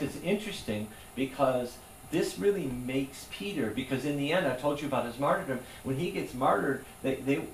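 A male pastor preaching a sermon in an earnest, conversational way. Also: mid-range voice. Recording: echoey room, voice from far off, faint hum.

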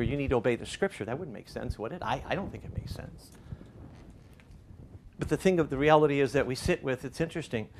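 A man's voice: mid-range voice, slight background noise. An older man preaching in a conversational way, telling stories and giving lessons with rising emphasis. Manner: storytelling with rising emphasis and quoted voices. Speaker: pastor. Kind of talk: preaching, conversational sermon talk.

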